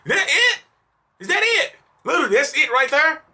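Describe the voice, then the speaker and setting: A man's voice: very high-pitched, big pitch swings, brisk, pushed and bright. A man ranting in an exasperated, repetitive, pleading way at his viewers in a vlog monologue, calling them y'all. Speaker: mental health vlogger.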